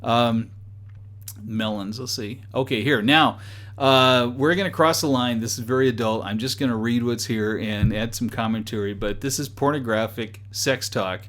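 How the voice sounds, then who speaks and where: Man, mid-pitch, reviewer voice, chuckly and sarcastic in a casual commentary. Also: normal speed, fairly bright tone. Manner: amused, chuckling between remarks; wry, sarcastic asides. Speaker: dating site reviewer.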